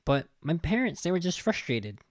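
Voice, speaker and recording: A man's voice: a little high, big pitch swings, moderate pace, no room sound. Exasperated male podcast host, dry sound. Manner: heated, exasperated, swearing, frequent restarts. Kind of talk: casual film review talk.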